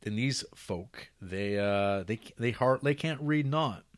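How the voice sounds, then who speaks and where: A man's voice: medium pitch, expressive, slow. A man co-hosting a casual comedic movie recap, laughing often and slipping into mock folksy voices. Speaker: podcast co-host.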